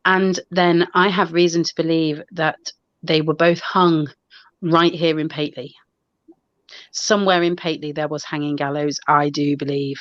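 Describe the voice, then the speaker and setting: Woman, lowish voice, rambling chatty storyteller, dull video-call sound. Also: flat delivery, moderate pace, no room sound. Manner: chatty, rambling with restarts and fillers. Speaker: paranormal investigator and show co-host. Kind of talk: casual storytelling on a live online show.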